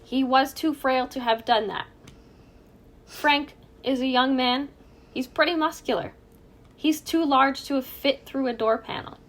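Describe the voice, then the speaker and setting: A woman's voice: sits high, measured pace. A woman co-hosting a true crime podcast, chatting casually, joking and laughing at her own asides. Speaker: podcast co-host.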